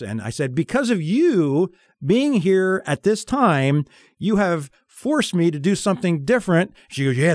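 A man's voice: on the high side, no room sound, studio quality. A man hosting a radio show, telling a personal story in casual chat and acting out the dialogue.

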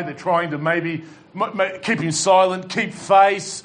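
A man's voice: high-pitched, a little slow, a bit bright. A male pastor preaching a sermon to a congregation, fervent and exhorting, with dry humorous asides. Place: church hall with congregation.

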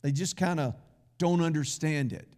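A man's voice: on the high side, normal speed, darkish tone. A man pastor preaching a sermon in a folksy, conversational way, with asides to the congregation.

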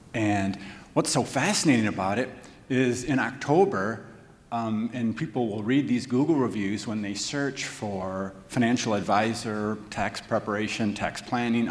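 A man, a financial advisor on a panel, telling lively anecdotes in a casual way and acting out what people said. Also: on the low side. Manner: animated anecdotes with acted-out quotes and laughs. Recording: long reverb in the room.

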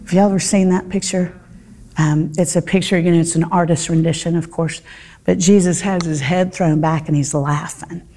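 A middle-aged woman teaches a Bible study, telling her story with earnest, heartfelt pauses and fillers. Her voice sits low, with a gravelly fry and a dark, mellow tone. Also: steady tone.

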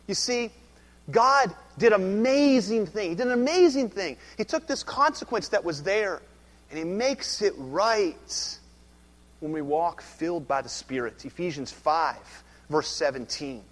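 A man preaching a sermon as a pastor, swinging between loud emphasis and hushed lines. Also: high-pitched, expressive, a little slow, long reverb tail.

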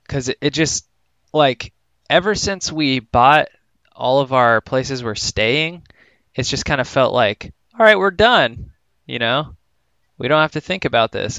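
A man's voice: mid-range voice, bright, forceful tone, clear, resonant tone, no echo. A young man co-hosting a podcast in casual chat, laid-back and full of "like" and "dude". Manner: laid-back, filler-heavy, says "like" and "dude" often. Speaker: podcast co-host. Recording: slightly dull lo-fi recording.

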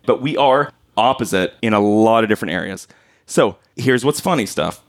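A man's voice: lowish voice, moderate pace. A man in his forties hosting a podcast, telling family stories with lots of laughter. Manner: animated storyteller, acts out quotes and laughs. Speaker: podcast host. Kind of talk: casual conversation.

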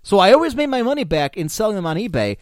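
A man's voice: high-pitched, big pitch swings, fast, no room sound, clean studio sound. A man hosting a podcast, telling rambling, profane stories in casual chat. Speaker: podcast host.

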